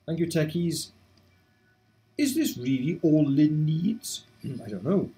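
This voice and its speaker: A man's voice: on the high side, very animated, slow, warm tone, slightly rough. A man casually commenting on a video game he is playing, chatty, reading game text aloud and adding wry asides. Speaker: let's play host.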